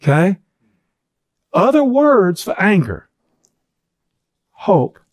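An earnest middle-aged man teaching, his voice rising and falling in wide swings as he hammers phrases through repetition. He sits a little high for a man and sounds close and dry, with no room behind him. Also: sing-song, extremely slow, no room sound. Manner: earnest, repeats phrases for emphasis. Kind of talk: teaching session.

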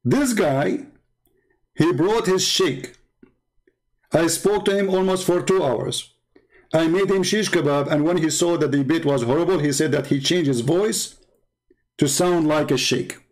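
Unhurried and fairly high-pitched, with long pauses, an Arabic-accented Christian apologist from the Arab world delivers taunting, sarcastic polemical commentary. He mocks by repeating words in bursts.

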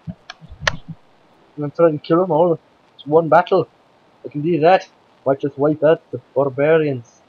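A man's voice: fairly high pitch, breathy edge, phone-quality sound. A man with a Scottish accent giving playful, chatty gameplay commentary and bossing around the characters in his game. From Scotland. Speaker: let's play host.

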